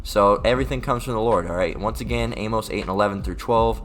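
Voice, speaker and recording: A man giving a casual livestream Bible lesson. He rambles, repeats words and keeps adding "all right?", and he reads scripture aloud slowly and deliberately. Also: on the low side, a bit bright, faint music behind. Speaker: online scripture teacher.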